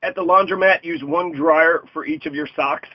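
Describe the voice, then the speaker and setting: A man's voice: fairly high pitch, steady tone, normal speed, no echo. A young adult man reads a list aloud and riffs on each item with jokes, laughing often. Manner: joking, riffing, laughs often. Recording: dull lo-fi dry recording.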